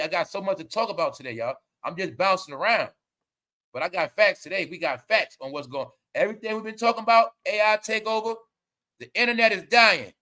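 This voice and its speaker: A man hosting an online commentary show, ranting loudly and mockingly, full of slang and swearing. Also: sits high.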